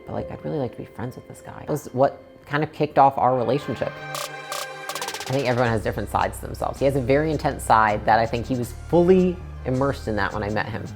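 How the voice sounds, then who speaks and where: A woman in her twenties telling her own story in a casual, conversational way, full of "like" fillers and acted-out quotes. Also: extremely low pitch. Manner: conversational, frequent "like" fillers, acts out quoted lines.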